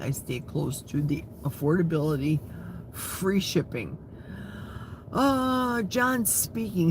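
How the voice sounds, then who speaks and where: Older guy, 60s, slow easygoing livestream chatter, reads comments and laughs a lot, faint forest sounds behind. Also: high voice, a little hiss or hum. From Wisconsin. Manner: chatty, laughs often, talks straight to viewers. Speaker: livestream host reading viewer comments. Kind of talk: casual live chat. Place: outdoors in a forest.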